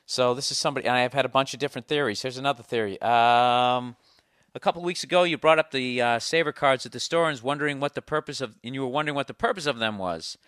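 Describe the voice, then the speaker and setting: Man ranting on his podcast, smooth voice, dry close mic, profane and sardonic. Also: mid-range voice, quick pace, a bit bright, no room sound. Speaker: podcast host. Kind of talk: casual ranting monologue, reading listener mail.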